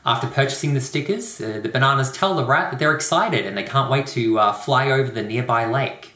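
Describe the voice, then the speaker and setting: A young man hosting a comedic rant video, talking with sarcastic, deadpan asides. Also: mid-range voice, a little fast, a little hiss or hum. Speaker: YouTube host. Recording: roomy echo.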